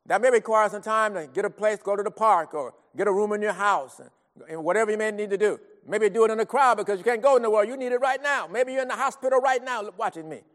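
A middle-aged man preaching an earnest, pleading sermon that swings between soft talk and loud cries. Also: sits high, fast talker, long reverb tail.

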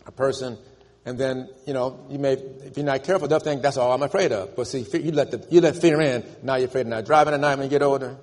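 A man's voice: medium pitch, steady tone, fast talker, darkish tone. Emphatic male preacher in echoing church. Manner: emphatic, calls for congregation responses. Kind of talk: sermon. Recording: long church reverb.

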